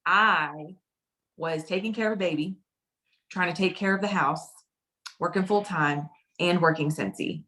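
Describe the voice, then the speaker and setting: A direct sales consultant, a woman with a lowish, slightly bright voice, tells her personal story in a casual, chatty way. She often repeats phrases for emphasis.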